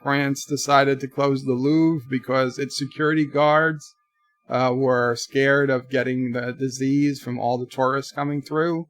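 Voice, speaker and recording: A man's voice: mid-range voice, steady tone, a little slow, dry recording. A man hosting a casual live stream, rambling about the news and reading chat messages aloud. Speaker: livestream host.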